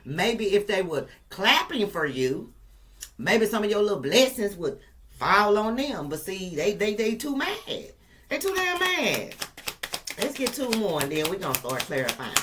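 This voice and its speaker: A woman does a casual tarot reading for her viewers, emphatic, profane, and playful, repeating lines for effect and laughing now and then. Her mid-range voice is very animated, a bit bright, at normal speed, with a little hiss or hum.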